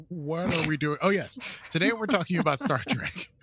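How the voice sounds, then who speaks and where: American guy on a podcast, bright clear voice, goofy and laughing a lot, running through the episode. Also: on the high side, expressive, normal speed. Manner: laughs often, jokey, playful. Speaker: podcast co-host. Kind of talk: casual chat and episode recap.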